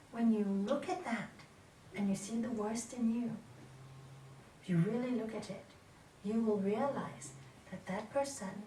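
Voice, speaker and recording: A middle-aged woman giving an animated spiritual talk to an audience as a yoga teacher, asking questions and laughing often. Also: medium pitch, a little hiss or hum. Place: lecture hall. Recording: roomy hall from far off.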